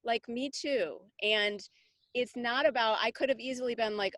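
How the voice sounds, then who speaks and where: A woman's voice: on the high side, moderate pace, a bit bright, no room sound. A middle-aged woman, a parenting coach, talking casually in an interview, rambling with many fillers and restarts. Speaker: parenting coach, summit guest.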